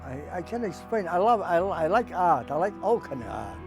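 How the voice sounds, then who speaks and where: Older man giving halting testimony. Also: sits high, sing-song, creaky, over music. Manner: halting, repeats words, plain non-native English. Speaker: Holocaust survivor and artist. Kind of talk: personal testimony.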